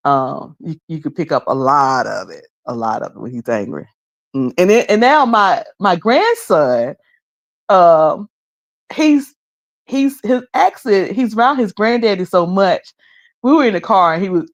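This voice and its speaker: Chatty Southern woman streamer, laughing easily. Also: low-pitched. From the Carolinas. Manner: chatty, laughs often, teasing mimicry. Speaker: live streamer. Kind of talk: casual chat with live chat readers.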